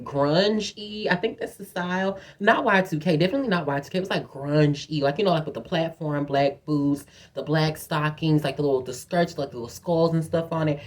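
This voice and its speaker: A woman telling a personal story to her viewers in a chatty, profane, animated way, often calling them "girl". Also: low voice. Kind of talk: casual storytime monologue.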